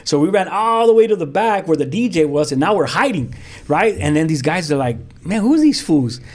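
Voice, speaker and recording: A man, a pastor telling his own story as a guest in lively, vivid storytelling with street slang and sound effects. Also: on the high side, brisk. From South Central Los Angeles. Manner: frequent restarts, street slang. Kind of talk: animated storytelling.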